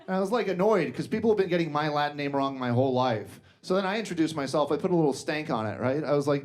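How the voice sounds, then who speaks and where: A man's voice: a little high, lively intonation, quick pace, few pauses, darkish tone. A young man doing stand-up comedy on stage, talking conversationally with lots of "like". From Colombian parents, raised in the US. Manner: conversational, fillers like "like". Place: comedy stage before a laughing audience.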